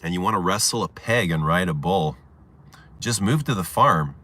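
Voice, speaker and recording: Low, bright-voiced man telling stories. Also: normal speed. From Canada. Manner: animated, laughing often, swearing, acting out shouts. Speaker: livestream host. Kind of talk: casual storytelling chat.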